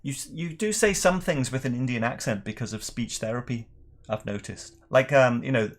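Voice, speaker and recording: A man's voice: mid-range voice, normal speed. Chatty man with mixed Northern Irish-English accent. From Northern Ireland. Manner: relaxed, chatty, laughs often, reads viewer questions. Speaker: whisky channel host. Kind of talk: casual livestream chat.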